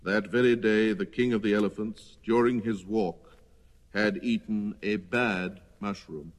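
A man narrating a children's storybook in an expressive reading voice. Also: fairly low pitch, unhurried, big-room sound. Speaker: storybook reader.

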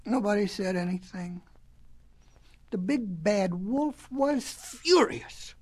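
A woman narrating a storybook in a folksy, lively storytelling manner. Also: mid-range voice, takes it slowly. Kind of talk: storybook reading.

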